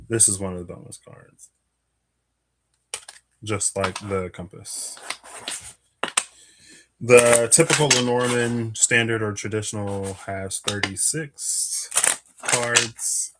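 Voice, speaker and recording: Low-voiced man musing over cards. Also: slow pace, pauses often, background noise. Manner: musing aloud, many fillers and little laughs. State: a bit out of breath. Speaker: tarot and Lenormand card reader. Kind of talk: casual live card reading.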